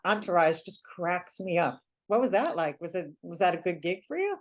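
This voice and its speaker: A woman's voice: fairly low pitch, animated, normal speed, over music. A woman interviewing an actor, asking curious, conversational questions.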